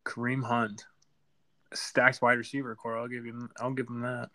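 A man recaps the week's fantasy football matchups in loose, casual chat. His voice is bright and forceful, and his talk is blunt and full of cheerful trash talk. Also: mid-range voice, monotone, normal speed. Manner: blunt, trash-talking, laughs easily. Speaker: podcast co-host.

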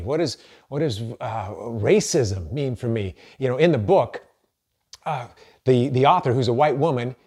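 A man's voice: medium pitch, a little mellow. A middle-aged man preaching a sermon as a pastor, earnest and conversational, often restarting his sentences.

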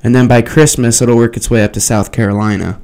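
A man co-hosting a podcast, chatting casually with halting pauses and fillers. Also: mid-range voice, clean tone. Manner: relaxed, halting, with fillers and laughs. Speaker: podcast co-host. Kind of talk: casual chat.

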